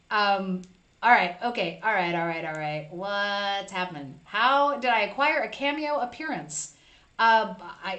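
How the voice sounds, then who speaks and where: A woman's voice: medium pitch, a bit bright. A woman hosting a casual live stream, chatting with viewers and reading their comments aloud.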